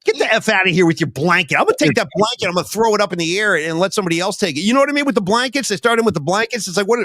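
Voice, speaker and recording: An animated male podcast co-host with a fairly high voice, rambling through casual sports chat and slipping into goofy voices. He sounds close and dry, with no room around him. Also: racing, dry recording.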